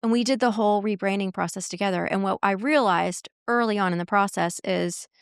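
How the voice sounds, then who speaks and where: A woman guest in a podcast interview, telling workplace stories in an animated way and acting out quoted dialogue. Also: medium pitch, a little fast, gravelly, smooth, dry recording, clean studio sound. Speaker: guest, marketing executive and coach.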